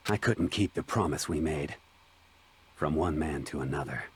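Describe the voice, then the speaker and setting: A man voicing a tough male biker gang leader in a put-on Brooklyn accent, speaking low and heavily with game music behind. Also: normal speed, a little hiss or hum. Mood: remorseful. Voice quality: deep, gravelly. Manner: low, heavy and remorseful.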